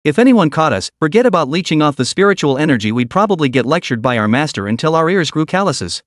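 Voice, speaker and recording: Cast: eager young disciple read by a man, earnest, hushed, slightly high voice. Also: sing-song, fast, no echo, clean studio sound. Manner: earnest, secretive.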